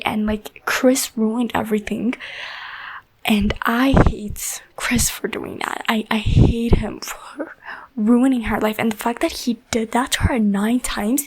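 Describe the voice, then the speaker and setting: A woman's voice: a little high, husky, poor audio. A woman giving a casual, rambling spoiler review of a book, full of "like" and "you know", emotionally invested and often dropping into a half-whisper.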